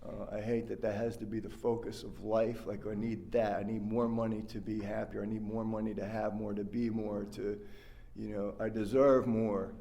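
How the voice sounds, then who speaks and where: A man's voice: fairly low pitch, level tone, moderate pace, gravelly, mellow. Rambling heartfelt man sharing his story. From West Virginia. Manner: rambling and heartfelt, fillers, swears, restarts. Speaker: workshop speaker at a recovery convention. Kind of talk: personal recovery share.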